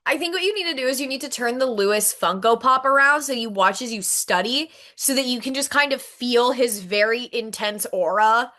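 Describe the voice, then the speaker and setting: A young woman on a casual podcast, talking in a rambling, chatty way with plenty of fillers. Her voice sits a touch high and sounds very bright and sharp. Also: brisk, few pauses. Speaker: podcast co-host. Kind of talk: casual chat.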